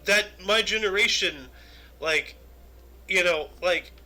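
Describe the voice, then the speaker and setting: A man with a high, very bright and sharp voice. He reads facts aloud in a plain, wry way and teases his co-host with dry humor in a casual chat. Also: slow, rough recording.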